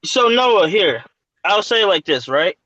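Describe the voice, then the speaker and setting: A man with a slightly high voice gives blunt dating advice, pressing his points and tripping over restarts. The recording is dull and lo-fi, dry and close. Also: sing-song, measured pace, pushed and bright, no room sound. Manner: emphatic, stumbling, addresses guest directly. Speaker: dating coach. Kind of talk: casual coaching chat.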